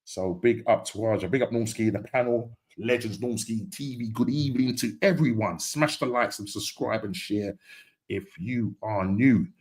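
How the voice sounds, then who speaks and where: A man's voice: lowish voice, moderate pace, a little mellow, breathy edge. A man hosting a casual football podcast live stream, upbeat and chatty, repeating phrases and often laughing. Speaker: podcast host.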